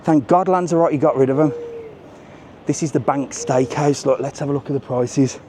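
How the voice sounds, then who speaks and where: A man walks and talks on a live vlog, chatty and cheeky, addressing his viewers directly. His voice sits at an ordinary middle pitch. It is recorded outdoors on a handheld mic, with faint street and traffic noise behind him. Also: moderate pace, dark tone. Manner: chatty, cheeky, talks straight to viewers and reads their messages. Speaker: travel vlogger on a live walking stream. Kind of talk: casual live-stream walking commentary.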